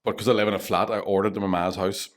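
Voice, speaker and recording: Man, thirties, Northern Irish accent, comedian, fairly low voice, sweary, laughing storyteller. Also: little pitch movement, racing. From Northern Ireland. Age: 30s. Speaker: comedian guest. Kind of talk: casual podcast chat.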